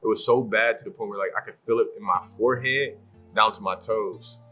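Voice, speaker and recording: A man's voice: on the low side, brisk, soft background music. A man as a podcast guest telling a story in a casual way, acting out what others said and laughing often. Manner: animated, acts out the voices of people in his story.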